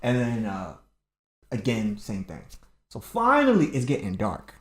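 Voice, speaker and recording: Man in his thirties, lively storyteller, swings his voice around, echoey home room. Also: on the low side, unhurried. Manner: animated storyteller who acts out everyone's lines. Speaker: podcast co-host. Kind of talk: casual storytelling chat. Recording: roomy home recording.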